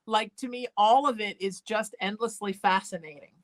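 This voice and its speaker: A woman hosting a talk show, chatting casually and enthusiastically with her guest. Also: medium pitch. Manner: enthusiastic, relaxed, quick agreements. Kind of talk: casual interview chat.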